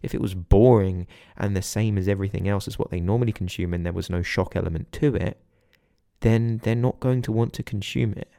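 A man hosting a solo podcast, speaking in an earnest, instructive way with a steady delivery. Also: on the low side, brisk, gravelly, no echo, studio quality. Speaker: podcast host.

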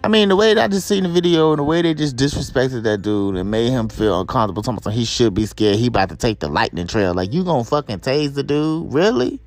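A man's voice: medium pitch, lively intonation, quick pace, hardly any pauses, faint music behind. A young man hosting a podcast, ranting in an angry, exasperated and profane way. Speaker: podcast host. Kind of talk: angry commentary rant.

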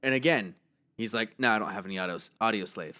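A man co-hosting a podcast in casual chat, slightly hoarse, telling stories with lots of swearing and laughter. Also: fairly low pitch, fast talker. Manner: animated storytelling, swears freely, laughs a lot. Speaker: podcast co-host.

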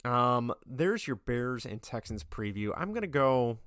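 A man hosting a sports podcast, talking casually and getting worked up into loud rants. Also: medium pitch, sing-song, unhurried, clean tone, no echo, clean studio sound. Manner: ranting, gets worked up and loud. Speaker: podcast host. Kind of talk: casual sports opinion monologue.

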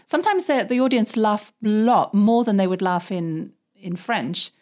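A woman's voice: medium pitch, lively intonation, normal speed, a little mellow. A middle-aged woman from England with an English accent, a guest chatting casually and often ending her remarks with tag questions. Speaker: guest, comedian and English teacher. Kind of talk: casual conversation.

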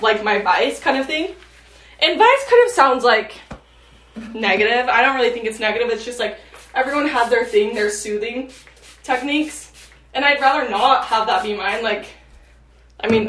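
A teenage girl in her late teens hosts a podcast, chatting in a loose, meandering way with plenty of fillers. Her tone is fairly bright and her pitch leans high. The room echoes, and the microphone is placed far from her.

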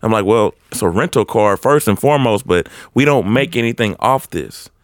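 A young man telling a rowdy story in casual chat, profane and animated, jumping into a high excited voice for quotes. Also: normal speed, no room sound, clean studio sound.

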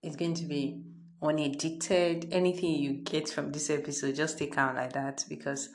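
A woman's voice: sits low, flat delivery, moderate pace, a little hiss or hum. A Nigerian woman hosting her own podcast, talking in a chatty, freewheeling, unedited monologue from her parents' home. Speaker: podcast host.

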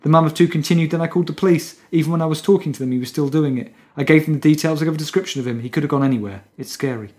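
Fast-talking wry podcast man. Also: a little high, darkish tone. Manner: wry, mock-serious reading with asides. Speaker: podcast co-host. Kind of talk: casual podcast banter, reading news stories aloud.

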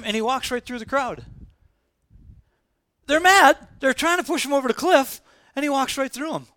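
A man preaching a sermon, retelling scenes in a lively, casual storytelling way and acting out the quoted voices with slang. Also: high-pitched. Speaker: pastor.

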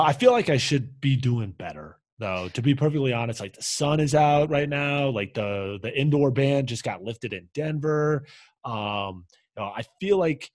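A man rambling easily through a history podcast, with plenty of likes and ums. His voice sits at an ordinary middle pitch and sounds close and dry, with no room around it. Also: no room sound. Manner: relaxed, rambling with many fillers. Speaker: podcast co-host, teacher. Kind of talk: casual podcast chat.

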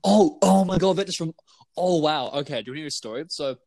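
A man's voice: a little high, fast, gravelly, a little mellow, no echo. A young man with a New Zealand accent, co-hosting a podcast in casual chat. He rambles, laughs often and restarts his sentences a lot. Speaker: podcast co-host.

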